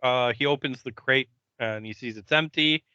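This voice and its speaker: A man's voice: medium pitch, normal speed, pushed and bright, clear, resonant tone, no room sound, highs cut off. A man co-hosting a podcast, recapping an episode in a loose, rambling way with many ums and uhs. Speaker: podcast co-host.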